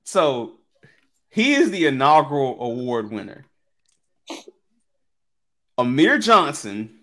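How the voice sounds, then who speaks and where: A man's voice: mid-range voice, big pitch swings, slow pace, fairly bright tone. A man co-hosting a casual sports talk show, with loose, slangy delivery and frequent laughter. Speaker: podcast co-host.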